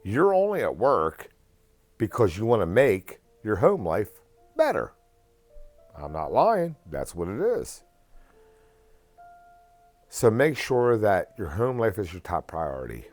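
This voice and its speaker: A man's voice: on the low side, huge pitch swings, takes it slowly, pauses often, a little mellow, faint music behind. A man giving casual, earnest advice in a rambling rant that often repeats and restarts phrases. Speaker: vlogger.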